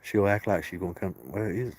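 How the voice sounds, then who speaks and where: A man, casually live-streaming outdoors while feeding and softly coaxing the cats of a colony. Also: low voice, fast, rough recording. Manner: folksy, talks softly to the cats and coaxes them. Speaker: cat sanctuary caretaker streaming live.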